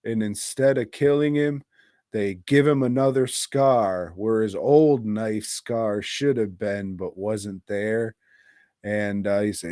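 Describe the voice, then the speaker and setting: A man's voice: fairly low pitch, measured pace, a little mellow, no echo, studio quality. A man co-hosting a podcast, reviewing movies in a profane, rambling and irreverent casual chat. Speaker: podcast co-host.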